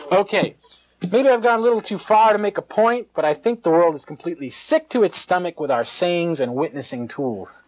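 A man giving a live sermon in a conversational, animated way, with mocking asides and chuckles. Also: high voice, brisk. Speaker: preacher. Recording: dull lo-fi live tape.

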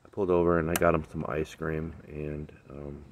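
Laid-back deep-voiced man in a garden. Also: flat delivery, fairly quick, slight background noise. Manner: laid-back, slangy, lots of fillers. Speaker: vlogger. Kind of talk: casual chat. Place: backyard garden, outdoors.

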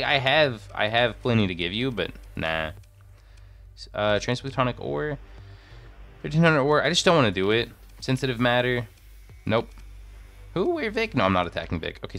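A man's voice: lowish voice, vocal fry, a bit bright. A young man streaming a video game, thinking aloud and rambling through menus in casual commentary into a desk microphone.

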